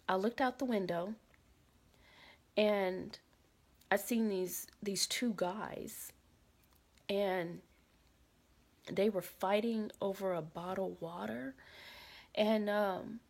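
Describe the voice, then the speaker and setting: A woman's voice: mid-range voice, very slow, long pauses. A woman casually recounting a frightening dream, repeating phrases and dropping into whispers for quoted lines. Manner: dramatic retelling, drops to whispers for quoted lines; animated, repeats phrases, many fillers. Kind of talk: casual spoken storytelling.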